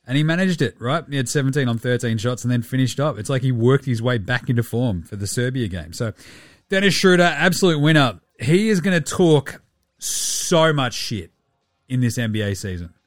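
Australian man hosting a sports podcast, mid-pitched, very lively delivery, swears a lot, dry close-miked sound. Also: normal speed, no echo. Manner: animated, profane, rambling. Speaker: podcast host. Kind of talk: casual sports podcast chat.

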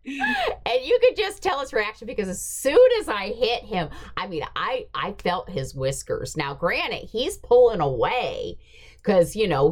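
A middle-aged woman hosting a podcast, telling a story in a casual, animated way and acting out what people said. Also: fairly low pitch. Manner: animated, acts out quoted dialogue. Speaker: podcast host.

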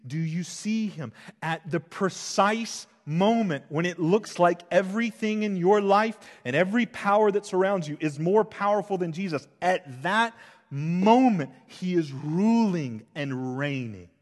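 A man preaching an expository sermon as pastor, shifting between loud emphasis and hushed, intense passages. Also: sits high, measured pace. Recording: long hall reverb.

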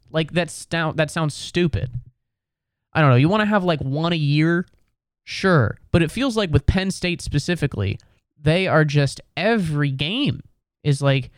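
A man's voice: expressive, moderate pace, clean tone, no echo, studio quality. A young man hosting a podcast, chatting casually in a rambling, profane, exasperated way, sometimes jumping up into mocking voices. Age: young adult. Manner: swings up into mocking high voices when mimicking others. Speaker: podcast host. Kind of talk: casual sports talk.

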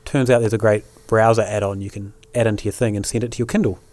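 A man's voice: on the low side, quick pace, no room sound. A man co-hosting a podcast in casual chat, rambling along with plenty of fillers, recorded close and dry. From New Zealand. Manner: relaxed, rambling with many fillers. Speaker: podcast co-host.

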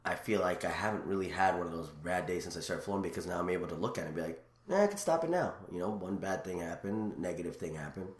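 A man with a very low voice talks quickly and excitedly, piling up stories with plenty of restarts and asides. His casual chat is recorded in a noticeably echoey room. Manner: rambling, animated storyteller with many restarts. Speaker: guest.

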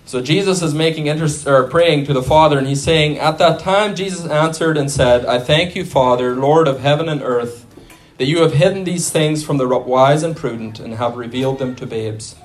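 A man's voice: on the high side, moderate pace. A man preaching a sermon in a conversational way, with restarts and asides to the congregation.

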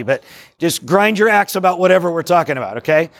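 A man with a high voice leads a workshop in a meeting room, talking excitably and jumping from point to point. His delivery is jokey and preacherly, and the sound is dry and close. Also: quick pace, creaky, no room sound. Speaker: workshop speaker on discipleship. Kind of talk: live workshop talk to a group. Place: meeting room with a live audience.

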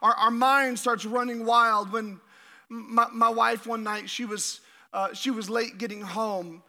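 A middle-aged man preaches with a high, sharp, bright voice. He is energetic, restarts and repeats his words, and keeps asking the congregation questions. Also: measured pace, vocal fry. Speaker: pastor. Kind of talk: sermon.

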